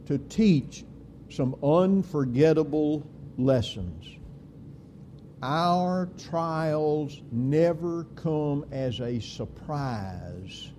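A man preaching a sermon, with slow, deliberate delivery and emphatic swings in pitch and volume. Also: dark tone, a little hiss or hum.

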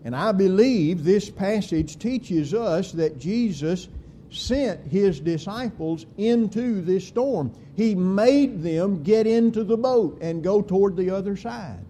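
A man preaching a sermon, with slow, deliberate delivery and emphatic swings in pitch and volume. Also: lively intonation, dark tone, slight background noise.

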